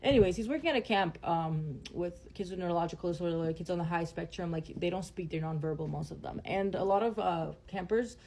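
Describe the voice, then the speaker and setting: A woman's voice: on the low side, a little fast, hardly any pauses, a little mellow, a little hiss or hum. A young woman telling a personal story in a vlog, blunt and emotional, swearing heavily. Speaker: vlogger.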